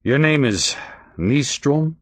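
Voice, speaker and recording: A man's voice: mid-range voice, animated, slow, dry recording, studio quality, pitched above the performer's own voice. A man voicing a grim male police detective who gives curt, urgent orders.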